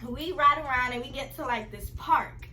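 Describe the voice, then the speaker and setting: A young woman vlogger telling a casual storytime to her viewers, chatty and animated and often laughing. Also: sits high, moderate pace, a little hiss or hum, poor audio.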